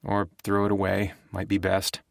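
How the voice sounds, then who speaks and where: A man voicing a grieving former professor who talks in a gentle, calm and soothing way. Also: sits low, moderate pace, creaky, no echo, studio quality.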